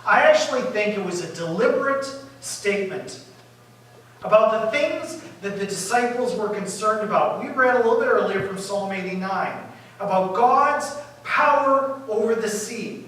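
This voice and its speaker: A male pastor telling a story in a sermon, lively and animated, acting out the disciples' panic and dropping to quiet asides. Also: high-pitched, normal speed. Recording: echoey room from far off.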